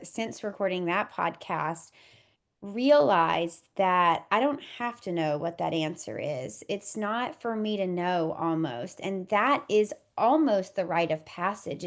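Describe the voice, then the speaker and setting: A woman in her thirties, a doula and podcast guest expecting her first baby, speaking in an earnest, heartfelt, reflective way. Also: mid-range voice. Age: 30s. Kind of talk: podcast interview conversation.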